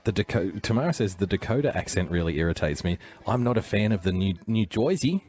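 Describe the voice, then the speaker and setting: A man's voice: deep voice, expressive, quick pace, a little mellow. A man hosting a livestream, rambling through casual commentary with joking asides and chuckles. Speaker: livestream host.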